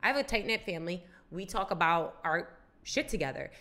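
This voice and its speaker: A woman's voice: lowish voice, lively intonation, fairly quick, a bit bright. A woman co-hosting a podcast, chatting casually and emphatically, swearing freely. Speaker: podcast co-host. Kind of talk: casual chat.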